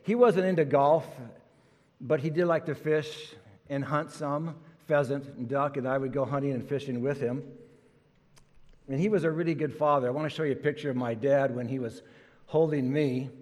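A man's voice: mid-range voice, steady tone, normal speed, a little mellow. An older man, a pastor, giving a chatty, folksy sermon full of stories and fillers. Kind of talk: sermon with jokes. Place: church sanctuary. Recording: long church reverb.

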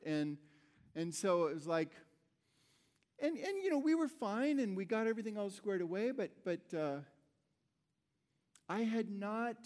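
A man's voice: sits high, darkish tone. A middle-aged man preaching a sermon, telling a personal story in a rambling, conversational way with many restarts. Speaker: pastor.

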